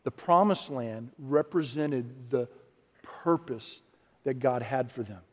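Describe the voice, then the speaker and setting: A man preaching a sermon, animated and often acting out quoted voices, with frequent restarts. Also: medium pitch, slow pace. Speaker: pastor. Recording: long hall reverb.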